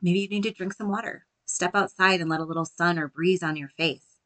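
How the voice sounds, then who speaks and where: Gentle low-voiced woman podcast host. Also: steady tone, a little fast. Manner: gentle, reassuring, softly spoken at times. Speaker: podcast host and life coach. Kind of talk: solo podcast talk.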